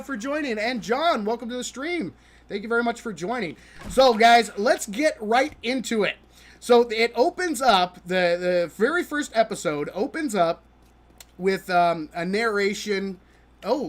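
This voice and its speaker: A man with a high, expressive voice hosts a live stream, playing a game while he picks apart a show he disliked. Exasperated and mocking, he laughs often and keeps stumbling and restarting his sentences, so his delivery comes out halting.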